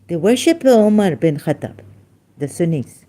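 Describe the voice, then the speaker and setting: A woman talking emotionally on a livestream as an ex-Muslim commentator, halting and searching for words, mixing English with Hindi. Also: on the low side, big pitch swings, warm tone. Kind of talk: emotional livestream talk answering questions.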